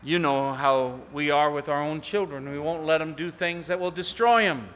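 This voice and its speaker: A man preaching a sermon as pastor, earnestly, rising to pleading appeals and falling to near-hushed tones. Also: a little high, moderate pace, clear, resonant tone. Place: church sanctuary. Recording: long hall reverb.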